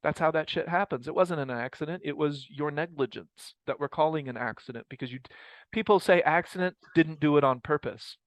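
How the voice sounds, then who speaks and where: A man's voice: a little high, fairly quick, dry recording, rough recording. A man leading a group study session on a mindfulness practice, talking in a rambling, reflective way and often correcting himself. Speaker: mindfulness teacher. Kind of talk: casual group teaching talk.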